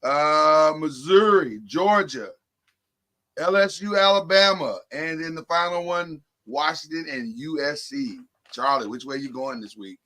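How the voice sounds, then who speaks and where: A man's voice: on the high side, a little slow, sharp tone. A man hosting a casual sports podcast, talking emphatically and laughing often. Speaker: podcast host.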